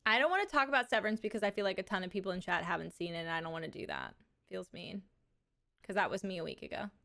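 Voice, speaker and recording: A woman's voice: lowish voice, animated, vocal fry, fairly bright tone. A young woman with a slight lisp, chatting casually and giggling with her live audience. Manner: chatty and giggly, drawn-out words. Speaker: livestreamer.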